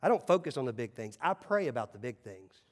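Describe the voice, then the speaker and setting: A male pastor preaching a sermon in a church, emphatic, swinging between loud calls and hushed asides. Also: mid-range voice, big pitch swings, fast, in a large hall. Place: church sanctuary.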